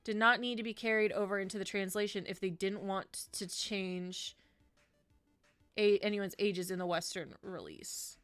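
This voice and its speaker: A woman streaming a game from home on a desk microphone, chatting casually and ranting with animated disgust. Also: mid-range voice, moderate pace, clear, resonant tone, no echo, faint music behind. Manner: animated, says 'ew' and 'icky' with disgust, ranting. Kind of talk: casual gameplay stream chat.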